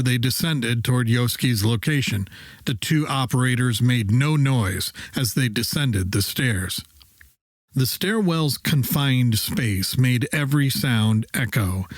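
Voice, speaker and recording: A man narrating a sci-fi sleep story in a soft, slow, soothing way. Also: medium pitch, dry recording.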